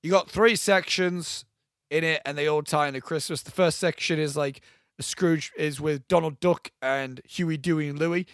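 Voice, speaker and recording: A man's voice: on the high side, steady tone, moderate pace, fairly bright tone, no room sound, clean studio sound. A young man, co-hosting a podcast and chatting animatedly with lots of fillers. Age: young adult. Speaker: podcast co-host. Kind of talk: casual chat.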